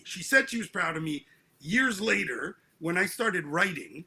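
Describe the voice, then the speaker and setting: A middle-aged man, an author being interviewed, speaking reflectively in halting, restarting phrases, with a husky voice. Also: high-pitched, lively intonation, sharp tone. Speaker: author guest.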